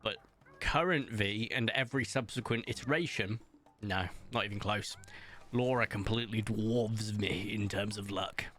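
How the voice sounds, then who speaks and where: A man streaming a game, chatting casually, reading viewers' messages aloud and telling stories, with big playful jumps in pitch. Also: moderate pace, fairly bright tone. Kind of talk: casual chat while gaming, reading chat aloud.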